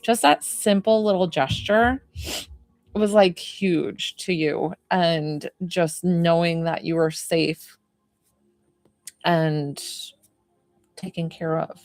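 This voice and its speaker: A woman's voice: lowish voice, fairly even intonation, slow, long pauses, a little mellow, no room sound, clean studio sound. A woman giving a spiritual medium reading in an effusive, emotional way with many fillers.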